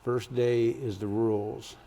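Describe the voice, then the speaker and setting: An older man from Kansas, a former state senator, tells stories from his career in an oral history interview, loudly acting out the voices he quotes. His voice is medium-pitched with little pitch movement, and he takes his time.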